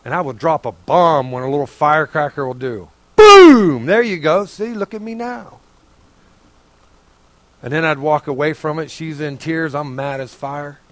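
Fervent high-voiced male preacher. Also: normal speed, fairly bright tone, dry recording. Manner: fervent and folksy, pleading with listeners. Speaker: pastor. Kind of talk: sermon.

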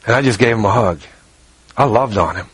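A man's voice: fairly low pitch, fairly quick, a bit bright, breathy edge, no echo, poor audio. A man preaching a sermon in a conversational way, often repeating words as he tells stories.

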